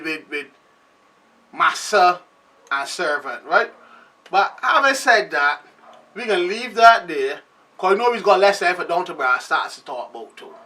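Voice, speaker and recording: Host type: Barbadian man, high, very bright voice, rambling talk-show monologue, recorded a bit off-mic. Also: recorded from a distance. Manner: loose, rambling, animated delivery. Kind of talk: casual commentary monologue.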